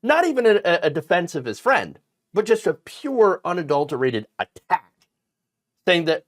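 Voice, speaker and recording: A man's voice: high voice, very animated, moderate pace. A man hosting an online political commentary show, talking in an indignant, emphatic way with frequent fillers and restarts.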